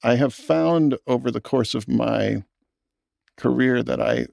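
A man, a film director, talking in an interview in a thoughtful, earnest way with halting restarts. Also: mid-range voice, gravelly, a little mellow, dry recording, clean studio sound. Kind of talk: reflective interview talk.

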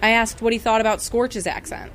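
A woman radio reporter in scripted news narration, clear and measured. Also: on the high side, steady tone, a bit bright, faint music behind.

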